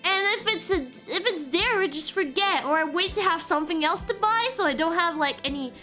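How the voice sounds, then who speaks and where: This is a woman streaming as a VTuber, giggly and playful as she answers chat in relaxed conversation with viewers. Her very high-pitched voice has lively intonation and a sharp tone, and she talks a little fast. Lo-fi music sits faintly behind her.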